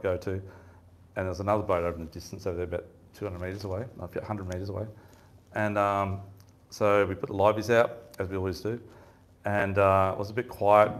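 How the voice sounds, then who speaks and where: A man giving a fishing seminar, telling rambling stories in a casual chatty way and laughing often. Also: sits low. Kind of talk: casual storytelling talk. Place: seminar room with audience.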